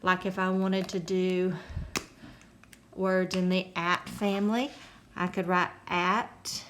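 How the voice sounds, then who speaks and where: A woman's voice: fairly low pitch, level tone, takes it slowly, echoey room, slight background noise. A woman teacher, patiently sounding out words in a phonics lesson for young kids.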